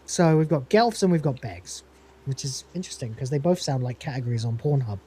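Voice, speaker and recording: A man with a medium-pitched, expressive, warm and slightly rough voice speaks fairly quickly. Hosting a podcast, he recaps an episode in a rambling, casual way, laughing often and acting out the quotes.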